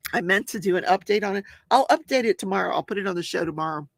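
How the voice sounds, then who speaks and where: Talking fast with lively intonation, an older woman with a creaky mid-range voice hosts a crafting and true-crime talk show. On the casual livestream she crafts, reads out viewer comments, chats and laughs often. The sound is clean studio quality with no room sound.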